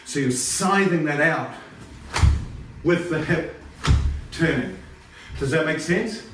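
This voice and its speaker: A man's voice: fairly high pitch, slow, noisy background. Man teaching karate in an echoey room. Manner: explains then counts reps aloud in sharp calls. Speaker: karate instructor. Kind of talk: informal martial arts lesson. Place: home training room. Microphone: phone camera across the room. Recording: distant phone mic in an echoey room.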